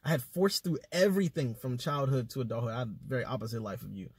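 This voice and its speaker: A man speaking as a podcast guest, telling stories in an animated, slangy way with swearing. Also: mid-range voice, fast, slightly rough, no echo. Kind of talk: casual conversation.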